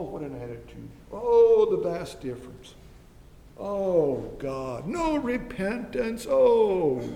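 A man preaching a fervent, pleading sermon, swinging between loud and hushed. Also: creaky. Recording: long reverb, faint rumble.

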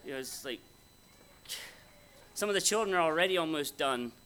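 Folksy preacher with a bright voice. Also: male voice, fairly high pitch, expressive, moderate pace, smooth. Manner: conversational, folksy, asks the audience questions. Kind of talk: sermon. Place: conference hall before an audience.

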